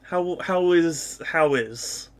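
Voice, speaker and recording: A man with a high, light voice chats playfully as he opens a game stream, greeting viewers by name and laughing easily. He talks at an unhurried, easygoing pace. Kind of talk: casual live-stream chat.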